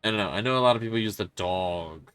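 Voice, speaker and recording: A man's voice: on the low side, fast, fairly bright tone, clean tone, no room sound, faint music behind. A man streaming a horror game live, talking frankly and swearing as he mulls over a confusing match. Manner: frank, swearing, puzzled and self-critical. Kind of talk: casual gameplay commentary.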